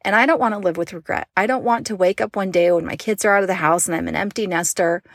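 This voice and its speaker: Speaking quickly in a gravelly, lowish voice, this Utah woman in her thirties runs an online business and vlogs as a mom. Her personal vlog is chatty and emotional, addressed straight to viewers, with a clean, echo-free studio sound.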